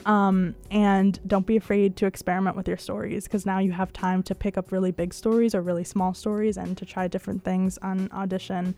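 A young woman hosts a college radio news show with a slightly croaky voice. She chats casually, fills pauses with "um" and laughs often between points. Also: medium pitch, level tone, dark tone. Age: young adult. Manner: chatty, laughs often, fillers like "um".

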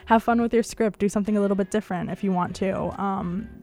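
Young woman, college radio news host, croaky voice, casual and chatty with frequent laughs. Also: medium pitch, steady tone, fast talker, dark tone. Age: young adult. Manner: chatty, laughs often, fillers like "um".

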